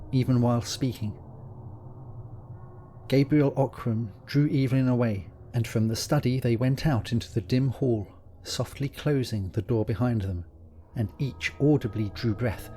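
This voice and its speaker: A man narrating a gothic ghost story in a measured, dramatic way. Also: medium pitch, dark tone, poor audio.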